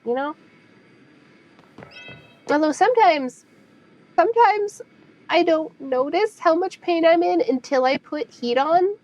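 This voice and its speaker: A woman's voice: high voice, muffled recording. A young woman streaming a game, chatting casually with viewers, full of fillers and easy laughter. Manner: chatty and warm with chat, frequent fillers and laughs. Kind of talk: casual gaming stream chat.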